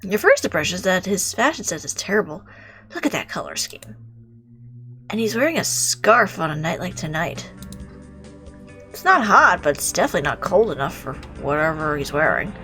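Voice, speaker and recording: A woman reading a visual novel aloud, reacting with animated exclamations and the odd swear word. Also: fairly low pitch, moderate pace, faint music behind. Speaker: game streamer.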